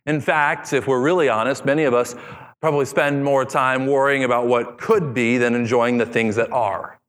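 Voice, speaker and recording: A male pastor in his thirties preaching in a loose, joking, conversational way, his voice at an ordinary middle pitch. The words ring out with a long reverb across a large church auditorium. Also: fairly even intonation, moderate pace, fairly bright tone. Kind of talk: sermon.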